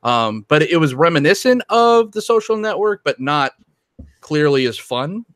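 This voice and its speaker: A man's voice: a little high, big pitch swings, moderate pace, fairly bright tone, no echo. A man co-hosting a podcast, talking about films in a rambling way with lots of restarts and ums. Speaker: podcast co-host. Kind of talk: casual film discussion.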